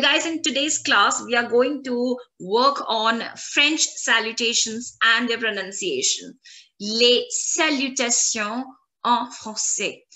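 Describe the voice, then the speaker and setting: A woman language instructor teaching an online lesson, repeating words slowly and clearly for learners. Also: fairly high pitch, pushed and bright. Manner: slow, drawn-out repetition of French words for learners.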